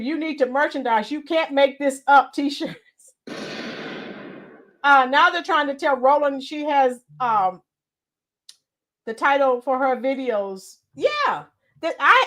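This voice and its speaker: A woman's voice: high voice, animated, unhurried, fairly bright tone. A middle-aged woman hosting a casual live stream. She answers chat comments by name and gives blunt, opinionated commentary.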